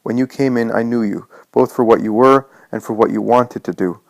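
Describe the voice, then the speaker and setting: Man reading a gentle loving savior, solemn and tender, mid voice, dry close sound. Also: mid-range voice, fairly even intonation, brisk, vocal fry, dry recording, close to an everyday voice, low-quality recording.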